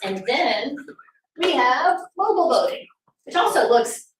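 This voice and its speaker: At a political summit, a woman presents to an audience in a meeting room, her talk sarcastic and packed with rhetorical questions. She has a high, sing-song voice and takes her time. It's captured from far away in a very echoey room, with faint noise.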